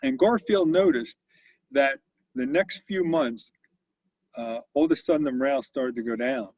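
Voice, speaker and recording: In this interview, a sixty-something CEO spins stories in a conversational way, often restarting and using lots of fillers. He speaks at medium pitch and normal speed in a slightly mellow voice, captured in a dry, dull lo-fi recording.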